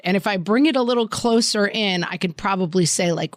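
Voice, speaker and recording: Woman co-host, mid pitch, casual relatable chat, dry studio sound. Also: fairly quick, few pauses, no echo. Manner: chatty, relatable, laughs easily. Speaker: podcast co-host. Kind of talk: podcast interview.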